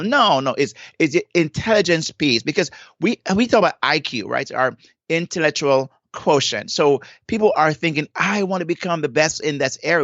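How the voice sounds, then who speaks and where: A man's voice: fairly high pitch, a bit bright, dry recording. A man from Jamaica, a guest explaining ideas earnestly and often repeating himself. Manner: earnest, repeats and restarts words. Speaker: guest, leadership coach. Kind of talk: explanatory interview talk. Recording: dull lo-fi dry sound.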